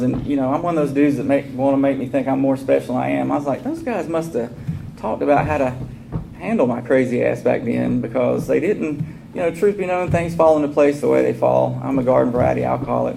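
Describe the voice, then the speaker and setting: A man's voice: medium pitch, a little mellow. A man speaking at a recovery meeting, telling his story in a candid, casual way and acting out the dialogue. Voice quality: gravelly. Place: meeting room. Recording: noisy room recording.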